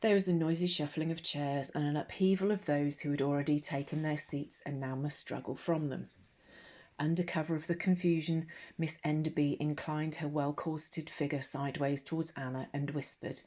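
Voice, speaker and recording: A woman with an English accent reading a novel aloud as a gentle, measured ASMR audiobook narration. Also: low voice, steady tone.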